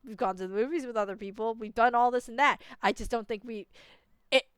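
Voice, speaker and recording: A woman's voice: a little high, quick pace, a bit bright, clear, resonant tone, no echo. A young woman ranting casually as she plays through a story game, exasperated and full of fillers. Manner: exasperated, ranting, heavy use of "like". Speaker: gaming streamer. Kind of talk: casual game playthrough commentary.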